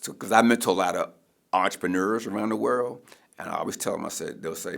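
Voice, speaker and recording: A man's voice: low-pitched, fast talker, gravelly, fairly bright tone. A middle-aged man from Baltimore, a mayoral candidate, telling a personal story emphatically in a preacherly way and often restarting his words. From Baltimore, USA.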